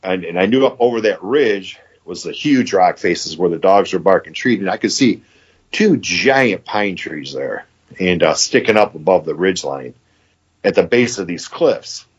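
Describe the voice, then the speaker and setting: Fifties podcast guest, male, raspy and somewhat low, a loose rambling storyteller who acts out what others said; muffled lo-fi sound. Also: lively intonation, normal speed. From Michigan. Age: 50s. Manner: rambling, quotes others with "he goes". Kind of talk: casual storytelling.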